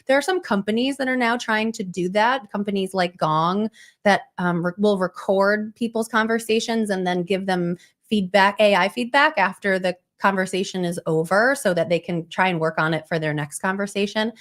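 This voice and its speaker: Casting: woman academic guest, animated explainer, mid-pitch, conversational. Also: moderate pace. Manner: animated, many fillers and restarts, explanatory. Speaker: professor and author, interview guest. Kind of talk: live interview conversation.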